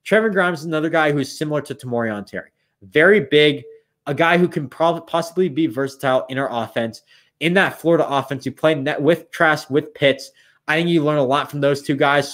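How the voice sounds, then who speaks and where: A young man casually talking through picks on a live stream, thinking aloud and a bit tired. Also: mid-range voice. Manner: thinks aloud, rambling with restarts. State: yawning, tired. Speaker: streamer running mock drafts.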